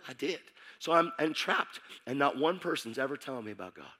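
A man's voice: medium pitch, lively intonation, fairly quick, sharp tone. A middle-aged man preaching his testimony as a sermon, telling his story intensely and acting out the dialogue.

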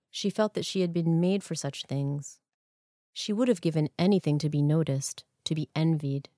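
A woman narrating a story in a measured, even storytelling manner. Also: low-pitched, dry recording. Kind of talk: scripted narration. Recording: dry close studio sound.

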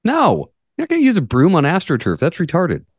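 A man's voice: high voice, huge pitch swings, a little fast, no echo, studio quality. A man from the United States hosting a casual podcast, reading news stories aloud with sarcastic, profane asides. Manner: profane, jokey, reads articles with sarcastic asides. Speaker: podcast host.

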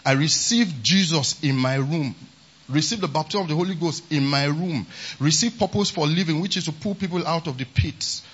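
A man's voice: a little high, moderate pace, fairly bright tone, slightly rough, highs cut off. A man preaching a sermon at a conference, emphatic and often repeating a refrain of praise. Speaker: pastor. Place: large conference hall.

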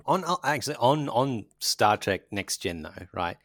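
Aussie guy on a podcast, lowish voice, dry close sound, rambly and jokey. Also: expressive, moderate pace, fairly bright tone, dry recording. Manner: rambling, jokey, trails off mid-sentence. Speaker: podcast co-host. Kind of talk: casual chat.

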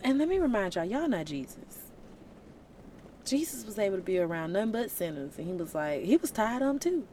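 Animated woman preaching casually. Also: mid-range voice, brisk, slight background noise. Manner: colloquial, animated, conversational. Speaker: Christian vlogger.

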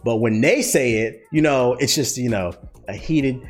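A man's voice: mid-range voice, a little slow, faint music behind. A young man, a streamer, ranting casually and bluntly with lots of profanity while answering viewer questions. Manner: profane, blunt, heated storytelling. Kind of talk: casual rant.

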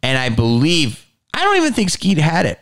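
A middle-aged man hosts his own podcast and tells a long, rambling story. His voice is gravelly with a rough fry, and he swears casually. He jumps into quick impressions of the people in the story. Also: on the high side. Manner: profane, animated, acts out quotes in voices. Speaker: podcast host.

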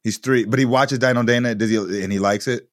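A man in his thirties co-hosting a casual podcast chat, animated and rambling, laughing often. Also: mid-range voice, a little fast, no room sound, clean studio sound. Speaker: podcast co-host.

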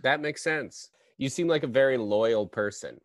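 Calm male interviewer, dry sound. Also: medium pitch, normal speed, no echo. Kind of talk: improv comedy interview.

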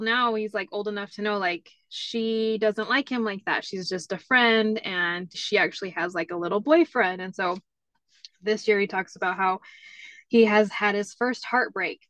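A woman's voice: medium pitch, fairly bright tone, no echo. Chatty woman guest, dry sound. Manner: chatty, many "like" fillers. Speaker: interview guest. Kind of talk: casual storytelling chat.

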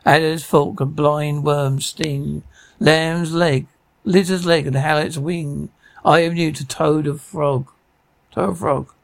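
An actor playing a male witch who chants a spell slowly, in a TV sketch comedy. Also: fairly high pitch, fairly even intonation, gravelly, dry recording. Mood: spooky.

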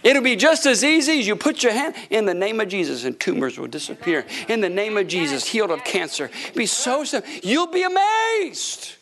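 A middle-aged man preaching to his congregation in a high, ringing voice. He drops to near whispers, then climbs to shouted praise, and tells stories with quoted dialogue as he goes. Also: sing-song, a little fast, few pauses. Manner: preaches with swings from hushed to shouting. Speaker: pastor. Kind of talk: sermon. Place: church sanctuary before a congregation.

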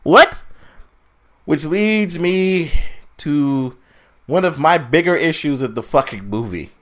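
A fairly high, animated male voice rants at a slow pace while co-hosting a podcast. He's reviewing a film in casual conversation, swearing a lot and tossing in mocking asides.

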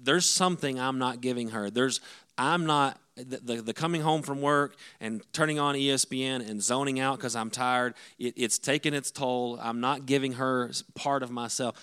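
A man's voice: medium pitch, normal speed, a bit bright, clear, resonant tone. A middle-aged man, a pastor, giving a conversational sermon-style talk on marriage to the men, with frequent restarts.

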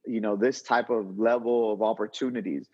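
A man's voice: lowish voice, fairly even intonation, moderate pace, darkish tone, long reverb tail, a little hiss or hum. A man being interviewed, casually telling a long story with lots of restarts and slang. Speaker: interview guest, entrepreneur. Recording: dull lo-fi audio.

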